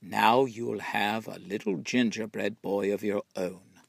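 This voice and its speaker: A man's voice: on the low side, fairly even intonation, takes it slowly, vocal fry, slightly rough, dry recording, studio quality, exaggerated voice. A man reading aloud, voicing a fussy little old woman baking at home in a homely, chatty way. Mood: pleased.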